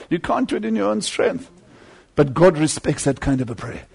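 High-voiced husky male preacher. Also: big pitch swings, normal speed. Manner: fervent, swinging between loud climbs and low asides. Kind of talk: sermon.

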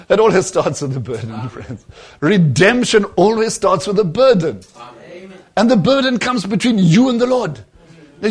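A man preaching a sermon, telling a story and calling his listeners friends, dropping to a hush and rising to emphasis by turns. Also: on the high side, slightly rough. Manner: swings between hushed and emphatic, addresses listeners as friends.

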